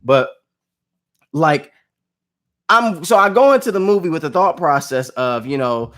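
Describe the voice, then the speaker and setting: A man talking casually to his vlog audience, reviewing a movie with animated outbursts and low asides. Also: measured pace. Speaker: movie vlogger.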